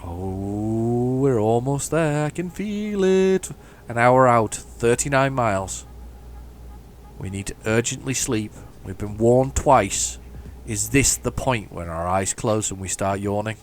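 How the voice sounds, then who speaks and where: A man's voice: mid-range voice, expressive, slow, a little hiss or hum. A man giving chatty, mock-heroic commentary while playing a driving game. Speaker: gaming channel host. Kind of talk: casual gameplay commentary.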